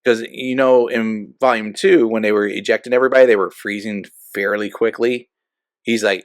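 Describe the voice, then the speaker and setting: A man's voice: on the low side, fairly even intonation, normal speed, no echo. A man co-hosting a casual movie review. He talks in a thoughtful, hesitant way with many fillers and restarts.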